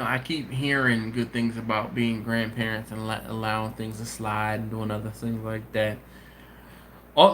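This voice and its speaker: A man with a mid-range voice hosts a live stream for a barbecue channel, chatting casually and reading viewer comments out loud, with slight background noise. He tells stories animatedly, uses plenty of slang, and laughs often.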